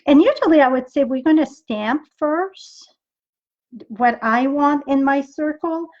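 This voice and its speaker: A middle-aged French Canadian woman with a French accent chats with viewers during a live-streamed card-making demo, thinking aloud as she works. Her voice sits high and expressive, a little slow, with a darkish tone, and the audio is dull.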